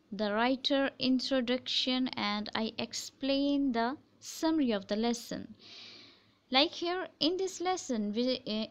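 A woman's voice: sits high, fairly bright tone. A woman teacher giving an online English lesson, patiently reading a story aloud and explaining it, repeating points for her students.

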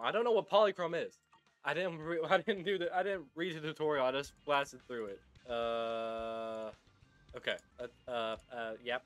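A man's voice: medium pitch, a bit bright. A young man casually commenting on a video game as he plays, goofy and rambling, calling people brother. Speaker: gaming YouTuber.

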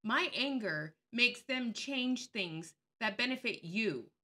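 A woman's voice: a little high, expressive, slow, sharp tone. A woman giving casual commentary on her channel, blunt and sarcastic, openly angry and swearing freely. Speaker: YouTube commentator. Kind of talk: casual screen-share commentary.

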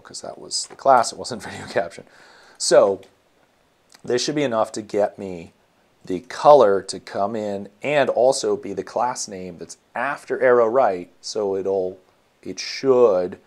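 A man's voice: deep voice, a little mellow. A man walking through his code in a casual screencast, thinking aloud with many ums and self-corrections. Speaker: web developer teaching. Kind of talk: casual screencast coding walkthrough.

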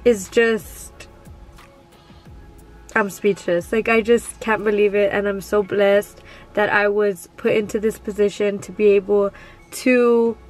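A woman in her twenties talking in a casual vlog, gushing and excited, full of "like" and "oh my god". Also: mid-range voice. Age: 20s. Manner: sleepy early-morning whisper. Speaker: vlogger.

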